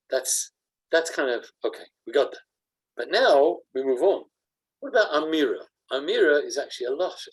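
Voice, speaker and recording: A rabbi teaches a Torah lesson in a slightly husky voice. His intonation swings widely and playfully, and he breaks into mini performances to make his points. He talks to his class in an animated, joking way. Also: a little high, rough recording. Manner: animated, jokey, acts out examples.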